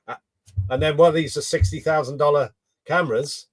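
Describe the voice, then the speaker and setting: A man as a podcast guest, recounting a field story in a relaxed way and acting out what others said. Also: fairly high pitch, fairly quick, dry recording. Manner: relaxed anecdote telling, acts out quotes. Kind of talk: casual storytelling chat.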